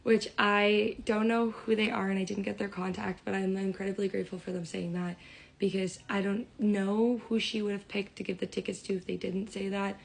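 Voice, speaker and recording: A young woman telling a storytime in an excited, rambling way. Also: medium pitch, moderate pace, gravelly, poor audio. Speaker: vlogger.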